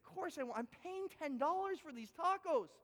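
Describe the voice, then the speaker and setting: A man preaching a sermon, telling a story with animated, expressive delivery. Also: a little fast. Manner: animated storytelling with big pitch swings. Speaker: pastor. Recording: echoey hall with long reverb.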